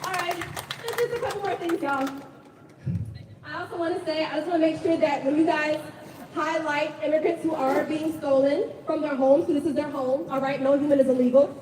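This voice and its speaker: A woman with a high voice gives an impassioned speech at an outdoor rally. She sounds nervous but pushes on forcefully. The recording is echoey and distant, with a crowd and street noise all around. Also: steady tone, a little fast. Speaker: protest speaker.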